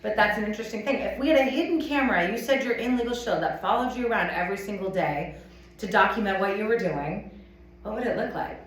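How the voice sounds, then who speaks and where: A woman giving a chatty, animated sales training talk to a live audience, acting out little scenes as she goes. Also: medium pitch, fast talker, a little hiss or hum. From United States. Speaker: motivational speaker at a sales event. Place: conference room with a live audience. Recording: echoey room, from a distance.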